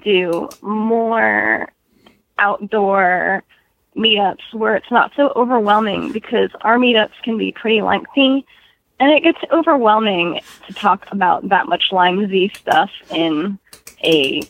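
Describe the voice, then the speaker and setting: A woman's voice: medium pitch, slow. A woman in her twenties, short of breath, chatting as a guest author on a podcast and laughing often. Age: 20s. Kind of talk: casual podcast interview. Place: home in Florida. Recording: dull lo-fi audio.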